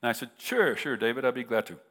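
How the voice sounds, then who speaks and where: A middle-aged American preacher, visiting to give a sermon, tells a humorous story casually and with many restarts. His mid-range voice is expressive, quick and a bit bright, echoing in a reverberant hall.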